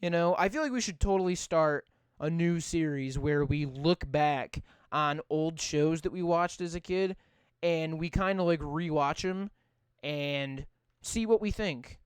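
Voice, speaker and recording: A man's voice: on the high side, a little slow, smooth, no echo. A young man co-hosting a podcast, chatting casually and rambling, with lots of swearing and "like" fillers. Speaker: podcast co-host. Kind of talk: casual profane chat.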